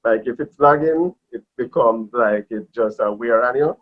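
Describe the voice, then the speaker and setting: A man in his forties, a guest in a casual interview, talking in a relaxed, soft-spoken way that often trails off. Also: mid-range voice, normal speed. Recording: dull lo-fi audio.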